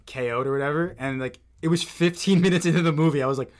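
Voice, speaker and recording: A man co-hosting a podcast in casual chat, animated and laughing often, with a lot of "like" filler. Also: fairly high pitch, fast. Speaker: podcast co-host.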